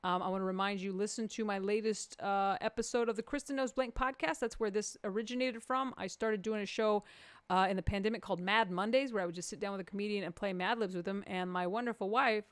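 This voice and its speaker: Woman comic hosting a live show, goofy and playful, smooth kinda high voice, super dry sound. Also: fast, no room sound. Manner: playful, bursts into high excited quotes. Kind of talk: live comedy stream banter.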